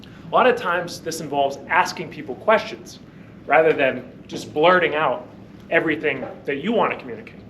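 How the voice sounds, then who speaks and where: A man's voice: on the high side, normal speed, a bit bright, slight background noise. A man giving a confident impromptu club speech that poses questions to the audience. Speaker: table topics speaker. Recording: echoey room, mic far off.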